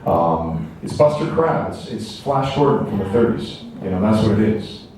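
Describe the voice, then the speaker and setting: A man answering fan questions at a convention, telling lively anecdotes and acting out quotes. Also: on the low side, moderate pace, far from the mic, a little hiss or hum. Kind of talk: animated storytelling to an audience. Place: large convention hall. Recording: echoey convention hall from afar.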